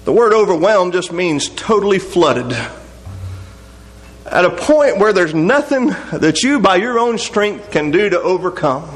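A man with a notably high voice delivers an earnest sermon. He reads scripture in old-fashioned wording and swings between quiet, slowed passages and raised, pleading appeals to the listener. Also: animated. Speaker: preacher.

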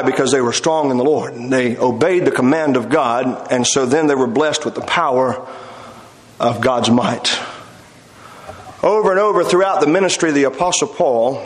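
A man preaching a sermon in a folksy, storytelling way, with hesitant fillers and wry humor, recorded in a church sanctuary. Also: medium pitch. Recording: echoey hall with long reverb.

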